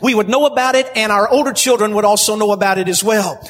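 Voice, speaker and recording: A man preaching a sermon, building to shouted emphasis. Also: high voice, fast talker. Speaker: pastor. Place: church sanctuary. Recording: long hall reverb, husky.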